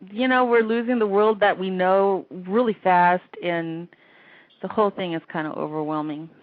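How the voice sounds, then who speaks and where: A woman's voice: medium pitch, measured pace, long pauses, no echo. A woman hosting an internet call-in radio show, ranting emotionally and rambling, laughing often between thoughts. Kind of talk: casual call-in show rant. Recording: tinny phone-like line.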